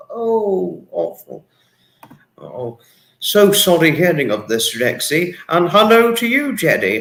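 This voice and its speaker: A man with a slightly high, somewhat bright voice hosts a casual livestream in an echoey room. He reads viewer comments aloud emotionally, repeating himself and lingering on words.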